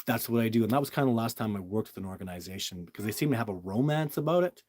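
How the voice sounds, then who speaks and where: A middle-aged man with a husky, slightly breathy voice, heard close and dry with no room sound. He talks casually and emphatically on a live stream, rambling from point to point. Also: lowish voice, animated, very fast, darkish tone, no room sound. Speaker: Bigfoot researcher answering viewer questions.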